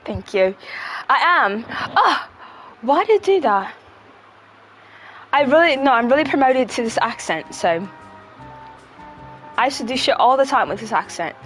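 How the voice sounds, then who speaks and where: A woman's voice: a little high, animated, unhurried, pauses often, a bit bright, faint music behind. A woman chatting casually on a livestream, blunt and profane, rambling with fillers.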